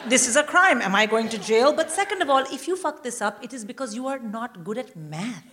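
Woman, middle-aged, stand-up storytelling, animated and profane, loud background noise. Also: on the high side, fairly quick. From India. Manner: animated, profane, punchy delivery with frequent laughter. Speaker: stand-up comedian guest. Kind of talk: live comic storytelling. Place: live theatre stage with audience.

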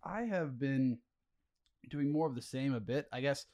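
A man's voice: medium pitch, expressive, measured pace, a little mellow. A man co-hosting a podcast in casual chat, loose and rambling, swearing now and then. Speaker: podcast co-host.

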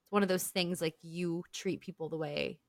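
A woman co-hosting a podcast, retelling TV scenes casually with animated asides. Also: fairly low pitch, moderate pace. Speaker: podcast co-host. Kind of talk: casual recap chat.

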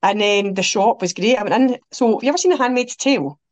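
Scottish woman guest spinning animated anecdotes; middle pitch, dry close-mic sound. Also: fast talker, dry recording. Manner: animated, quotes people, laughs through her stories. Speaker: podcast guest. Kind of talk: anecdotal storytelling chat.

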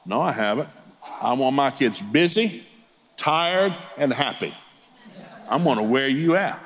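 A man's voice: mid-range voice, expressive, measured pace, fairly bright tone, slight background noise. A middle-aged man, a Pentecostal preacher, telling humorous family stories in a sermon and chuckling as he talks. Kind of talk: folksy storytelling sermon.

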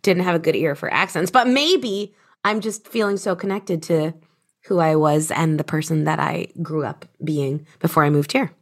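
A woman with a British accent hosting a casual chat, talking in a lively, expressive way. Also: low voice, moderate pace. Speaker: podcast host.

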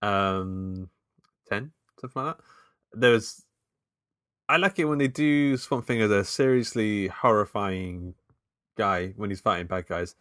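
A man's voice: lowish voice, a little slow, long pauses, a bit bright, no room sound, clean studio sound. A man co-hosting a podcast in casual chat, laid-back and hesitant. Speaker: podcast co-host.

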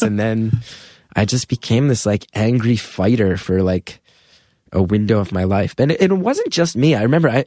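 A man's voice: on the low side, dry recording. Chatty man telling stories, dry close mic. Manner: animated, filler-heavy storytelling with acted quotes. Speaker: comedian guest. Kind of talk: casual storytelling conversation.

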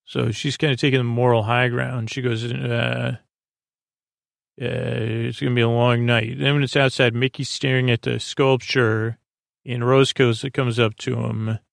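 A man's voice: mid-range voice, level tone, unhurried, vocal fry, no room sound, clean studio sound. A man hosting a podcast, casually retelling a story in a rambling way with lots of filler words and "he goes, she goes.". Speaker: podcast host. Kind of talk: casual plot recap.

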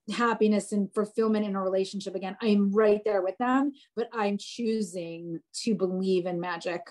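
A woman in her forties talking in a casual podcast chat, animated and rambling with frequent restarts. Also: medium pitch. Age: 40s. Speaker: podcast guest.

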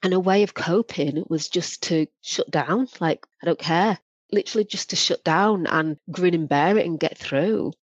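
Low-voiced woman, animated storyteller. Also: normal speed, hardly any pauses, no room sound. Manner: animated, acts out quoted voices. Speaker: guest, former probation practitioner. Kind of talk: candid podcast storytelling. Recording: dry, dull lo-fi audio.

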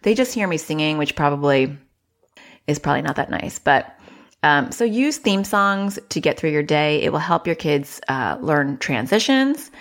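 A woman child therapist hosts her podcast and gives casual advice. Her voice sits low but moves in lively swings, and she is chatty and self-deprecating, often acting out little quotes. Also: moderate pace.

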